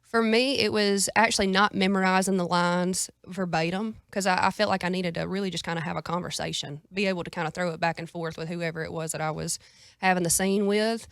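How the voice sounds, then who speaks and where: A young woman with a Southern US accent, chatting as a guest in a casual radio interview, folksy and quick to laugh. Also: lowish voice, fairly even intonation, clear, resonant tone, no echo, clean studio sound. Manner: folksy, drawling, laughs easily. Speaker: guest singer-songwriter.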